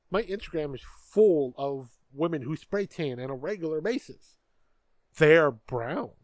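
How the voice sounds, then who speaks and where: Male podcast co-host, blunt and profane, slightly high voice, dry close sound. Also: a little mellow, no room sound. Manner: blunt, profane, stammers on restarts. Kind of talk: casual political chat.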